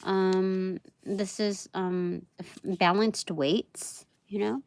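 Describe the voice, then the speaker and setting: A woman reading tarot cards on a live stream, talking in a meandering, halting way full of fillers, with soft laughs between thoughts. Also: medium pitch, fairly even intonation, clear, resonant tone. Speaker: tarot reader.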